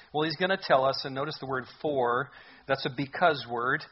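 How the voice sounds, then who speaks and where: A man's voice: medium pitch, steady tone, fairly quick, highs cut off, slight background noise. A man preaching a sermon as a pastor, earnest and emphatic, repeating his points for weight.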